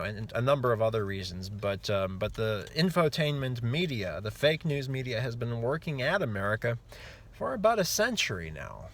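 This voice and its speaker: A man hosting his own channel, giving a rambling, mocking commentary monologue full of restarts. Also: medium pitch. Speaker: host.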